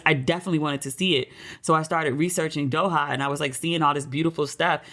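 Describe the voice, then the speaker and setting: With a deep, steady voice that is fairly bright, a middle-aged American podcast host talks quickly in a casual chat. She tells stories and voices the people she quotes in a raised tone.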